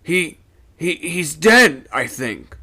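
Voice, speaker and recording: A man's voice: a little high, sing-song, very slow, pushed and bright, slightly rough, pitched above the performer's own voice, full character voice. A man reading aloud, voicing a frightened ship's first mate who speaks shakily in jerks. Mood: shaken. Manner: shaky, stammering in jerks.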